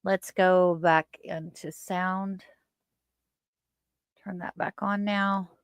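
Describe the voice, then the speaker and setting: A woman's voice: on the low side, steady tone, drawn-out words, clear, resonant tone, no echo. A woman hosting a casual livestream, chatting with viewers and reading their comments aloud. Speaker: livestream host.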